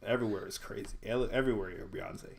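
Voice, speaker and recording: A man's voice: on the low side, quick pace, gravelly, a little hiss or hum. A young man co-hosting a live-streamed casual chat, laid-back and slangy, chuckling as he talks. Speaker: podcast co-host.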